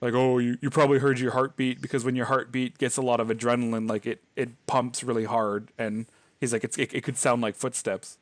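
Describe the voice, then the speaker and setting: A man's voice: medium pitch, level tone, a little fast, no room sound. A man hosting a podcast, telling a scary childhood story in a rambling, casual way, full of fillers and laughs. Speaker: podcast host.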